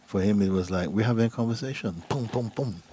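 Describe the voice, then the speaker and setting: A middle-aged man, a spiritual teacher, giving a gentle, unhurried talk and acting out voices in his stories. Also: fairly low pitch. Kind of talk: satsang talk, storytelling. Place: gathering hall.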